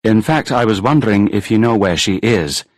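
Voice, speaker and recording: A man's voice: lowish voice, expressive, normal speed, no room sound. A man reading a storybook and voicing a cheerful, teasing male police officer on the phone. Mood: brisk. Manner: teasing, dryly amused.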